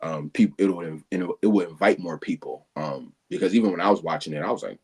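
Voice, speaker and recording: A man's voice: sits low, brisk, a little mellow, slightly rough. A man in a casual conversation, earnest and agreeable, reflecting on his own habits. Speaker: guest being coached.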